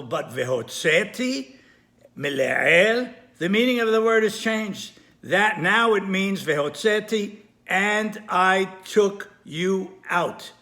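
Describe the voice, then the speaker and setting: A man giving a recorded lesson, explaining carefully with repetition, pauses and small self-corrections. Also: high voice, pushed and bright. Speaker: Torah teacher. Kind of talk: recorded lesson on Hebrew grammar.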